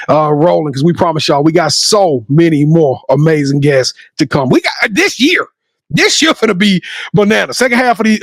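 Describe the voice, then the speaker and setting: A male podcast co-host giving an energetic, sing-song, shouting sign-off to the show. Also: high voice, no room sound. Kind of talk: hype outro, sign-off.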